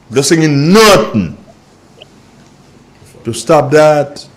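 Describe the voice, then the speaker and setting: A man's voice: on the high side, big pitch swings, a little slow, slight background noise. A Grenadian man hosting a political radio talk show, scolding listeners and repeating points for emphasis.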